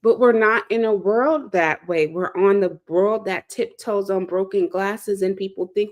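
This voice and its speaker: Woman, from Chicago's South Side, host. Emphatic, sermon-like monologue with repeated lines, medium pitch. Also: normal speed. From South Side of Chicago, USA. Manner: emphatic, preacher-like, repeats key phrases. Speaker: host and speaker. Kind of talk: impassioned monologue.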